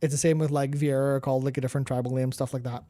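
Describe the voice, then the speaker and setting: A man's voice: medium pitch, little pitch movement, rapid-fire, dark tone. A man co-hosting a casual gaming chat, rambling, repeating words while he hunts for terms, and swearing casually. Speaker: podcast co-host.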